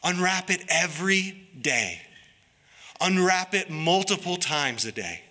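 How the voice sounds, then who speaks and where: A man preaching a sermon as pastor, in an earnest, pleading, deliberate way. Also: high voice, lively intonation, sharp tone. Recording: long reverb of a large hall.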